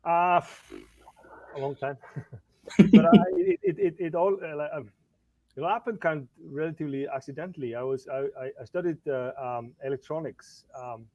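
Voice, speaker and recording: A man's voice: a little high, big pitch swings, normal speed, a little mellow, dull audio. A middle-aged man from Iceland, a podcast guest chatting casually, often restarting and repeating words as he goes.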